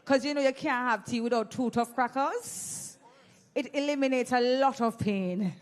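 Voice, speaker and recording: A Jamaican woman hosts a live event on a handheld microphone, playfully teasing the audience and running prize games with lots of energy. Her voice is a little high and moderately paced.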